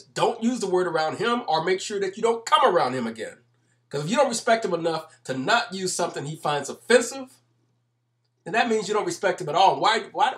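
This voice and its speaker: A man's voice: high voice, fairly bright tone. A man commenting over video clips, explaining at length in an emphatic manner and repeating his points.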